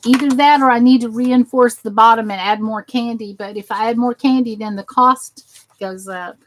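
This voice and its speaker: A woman's voice: on the high side, steady tone, normal speed, poor audio. An exhausted woman chatting casually as she works on crafts for her channel, rambling and talking to herself as she goes. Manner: rambling, talks to herself while working.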